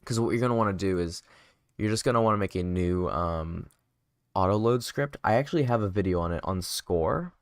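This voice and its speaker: Speaking low and a bit fast, this tired man streams himself building a game while answering viewers and chatting loosely. The audio is clean studio sound with no echo, and he moves between casual conversation and walking through his code.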